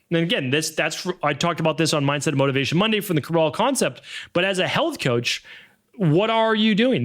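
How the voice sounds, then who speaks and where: Boston man around fifty, podcast host, motivational solo talk, fairly high voice, leans on words. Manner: energetic, motivational, stretches words for emphasis.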